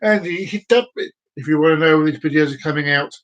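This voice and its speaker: Guy rambling on his live stream, cracking bad puns, voice a bit high. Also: fast talker, fairly bright tone, lo-fi sound. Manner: jokey and rambling, with groan-worthy puns; chats directly to viewers by name. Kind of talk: casual live-stream chat.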